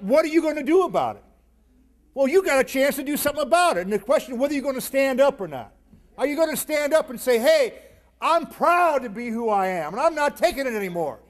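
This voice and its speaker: A man, a union leader, giving a fiery rally speech, rousing the crowd with shouted call-and-response. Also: very high voice. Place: organizing rally hall with a crowd. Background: faint crowd.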